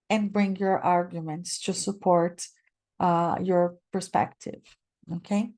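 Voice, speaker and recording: A woman's voice: fairly low pitch, steady tone, slow pace, darkish tone. Female guest speaker, non-native English, webinar presenter, explanatory, checks in with the audience. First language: not English.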